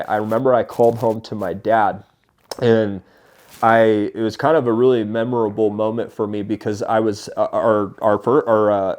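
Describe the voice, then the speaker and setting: A man in his thirties telling stories as a podcast guest, animated and often laughing as he talks. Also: lowish voice. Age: 30s. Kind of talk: casual storytelling.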